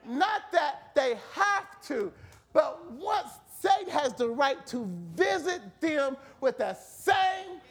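A man preaching a fervent sermon in a church, shouting and repeating phrases. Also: very high voice, animated, takes it slowly, a faint crowd.

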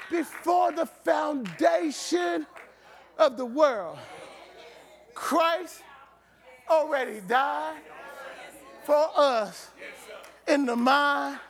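High, gravelly shouting preacher man. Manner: shouting, call-and-response with congregation. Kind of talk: sermon. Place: church.

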